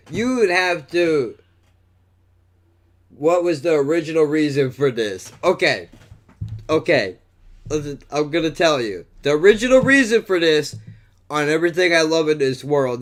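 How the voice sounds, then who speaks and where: A man hosting a podcast, telling a story in a casual, animated, profane way and saying "dude" and "bro" a lot. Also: a little high, moderate pace. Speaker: podcast host.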